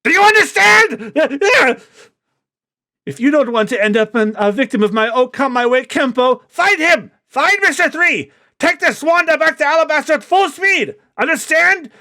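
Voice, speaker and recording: A man voicing a flamboyant male villain agent who barks orders in a high, shrill shout. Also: animated, moderate pace, full character voice. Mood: frantic, bossy.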